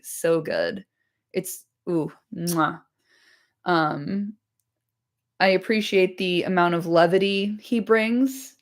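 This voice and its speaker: A woman streamer chatting casually to her live audience after a reading, enthusiastic and swearing freely, her voice slightly hoarse. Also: medium pitch. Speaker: streamer reading a book aloud.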